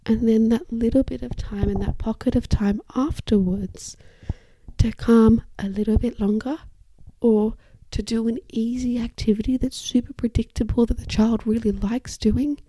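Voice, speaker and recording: A woman occupational therapist hosting an educational podcast, speaking in a calm, measured way into a microphone, her phrases often trailing off into breathy whispers. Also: fairly high pitch, no echo.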